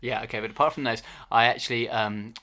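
A man's voice: mid-range voice, fairly even intonation, fast, sharp tone. Man in mock-serious comedy banter. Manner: hesitant, mock-serious, laughing often. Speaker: podcast co-host.

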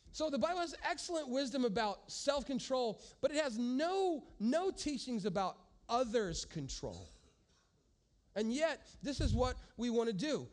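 A pastor preaching a sermon to a congregation, speaking emphatically and addressing the listeners directly. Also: male voice, sits high, a little mellow. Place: church service with a congregation.

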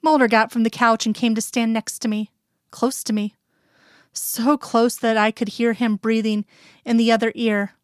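A woman's voice: fairly high pitch, fairly even intonation, normal speed, no echo, studio quality. Woman reading fiction, intimate and earnest. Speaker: reader. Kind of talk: first-person fiction reading.

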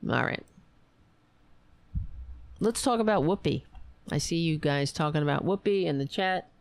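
A woman hosting a political livestream, hoarse and raspy after a long show, reading headlines and commenting in a wry, meandering way. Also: low-pitched, normal speed. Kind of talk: casual opinionated commentary.

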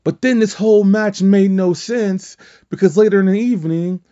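A man's voice: high-pitched, moderate pace, warm tone, muffled recording. A man hosting a podcast, recapping wrestling in casual, rambling chat full of swearing and fillers. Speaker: podcast host.

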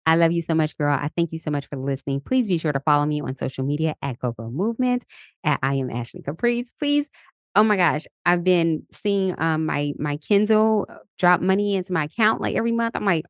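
A woman's voice: deep voice, expressive, fairly quick, dry recording, studio quality. A woman in her thirties hosting a casual motivational podcast, chatty and upbeat, laughing often and leading affirmations. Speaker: podcast host. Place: Los Angeles.

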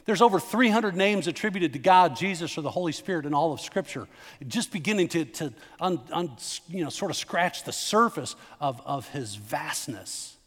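A man's voice: on the high side, animated, moderate pace, a bit bright. A middle-aged male pastor preaching a sermon in a conversational, emphatic way, turning to the congregation with asides and questions. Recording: long hall reverb.

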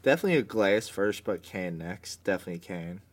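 A laid-back man chatting with friends on a podcast, his voice sitting on the low side. He talks loosely, swears freely and laughs often. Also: expressive, a little fast. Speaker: podcast co-host. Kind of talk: casual chat.

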